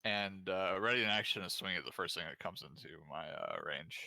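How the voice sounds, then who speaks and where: A man's voice: low voice, brisk, no room sound. A man playing a tabletop game over voice chat, laying out battle tactics for the group. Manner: plans tactics, lively. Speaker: player.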